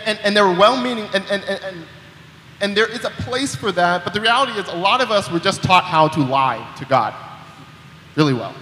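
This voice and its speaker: A man's voice: high-pitched, sharp tone, a little hiss or hum. A young man preaching a sermon in a conversational way, often repeating words as he starts a sentence, recorded in a church hall. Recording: echoey hall with long reverb.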